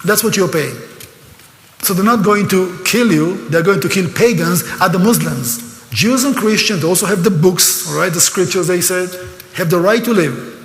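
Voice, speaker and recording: A man's voice: high-pitched, moderate pace, vocal fry. An older man with an Israeli accent giving a live seminar lecture, emphatic and sarcastic, at times openly emotional. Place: lecture hall. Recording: echoey hall.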